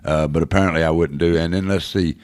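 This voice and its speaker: A man's voice: very deep voice, fairly even intonation, fast, no echo. A man in his sixties hosting a morning radio show, talking in a folksy, rambling way with lots of uhs. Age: 60s or older. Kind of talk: casual morning radio chat. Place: radio studio.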